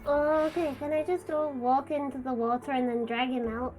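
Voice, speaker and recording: A woman player in a tabletop game talks hesitantly, often repeating her words. Her voice sits high, with faint music behind. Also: steady tone, moderate pace, a little mellow. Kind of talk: casual tabletop play.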